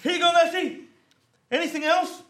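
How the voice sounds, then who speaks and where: A man's voice: extremely high pitch, steady tone, normal speed, bright, forceful tone, reverberant, voice pushed up. A man voicing a baffled farmer who eagerly questions a cat, in a raised, puzzled voice.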